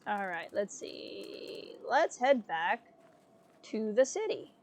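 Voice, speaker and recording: A woman's voice: mid-range voice, big pitch swings, slow. A young woman streamer, chatty and playful, commenting on a video game live.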